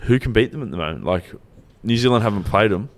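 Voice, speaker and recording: A man's voice: lowish voice, animated, quick pace, no room sound. An Australian man co-hosting a podcast in casual, blunt, joking banter with plenty of swearing. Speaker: podcast co-host.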